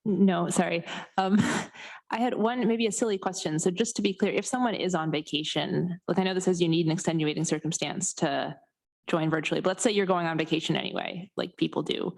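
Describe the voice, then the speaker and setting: Woman, young adult, legislator, chatty, hesitant, lots of fillers, slightly low pitch. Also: brisk, gravelly. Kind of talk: meeting discussion. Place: council chamber.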